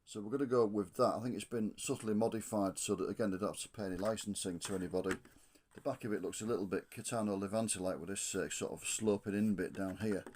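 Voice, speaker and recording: A man reviewing a model coach, thinking aloud with frequent ums and restarts, slightly hoarse from losing his voice. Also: on the low side, steady tone, fast, a little mellow, slight background noise. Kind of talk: casual hands-on product review.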